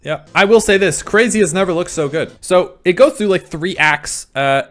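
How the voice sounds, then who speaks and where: A man's voice: high voice, normal speed. A man reacting to game trailers, rambling and swearing as he theorizes. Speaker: reaction video host. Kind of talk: casual reaction commentary.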